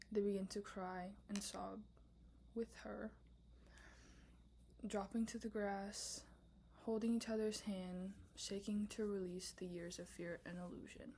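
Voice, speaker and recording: With slight noise in the background, a young woman of medium pitch casually walks through a film script idea late at night. A student making her pitch, she tends to whisper, peppers her speech with filler words, and bursts into loud asides.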